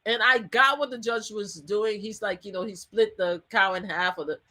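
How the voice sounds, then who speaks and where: A woman guest, a survivor advocate, tells a story in an animated interview. She laughs often and acts out what people said. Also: mid-range voice, normal speed.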